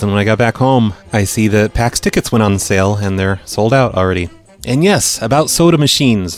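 Dry, sarcastic middle-aged male host. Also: medium pitch. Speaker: podcast host. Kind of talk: casual chat reacting to voicemails.

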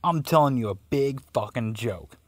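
A man voicing a teenage boy prank caller who taunts in a deadpan way. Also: medium pitch, normal speed, no echo, natural voice. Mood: taunting.

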